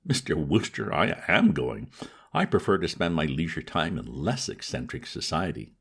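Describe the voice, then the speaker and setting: A man reading aloud, voicing a pompous, indignant older gentleman in a formal, lofty manner. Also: extremely low pitch, sing-song, normal speed, slightly rough, heavily acted. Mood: stern.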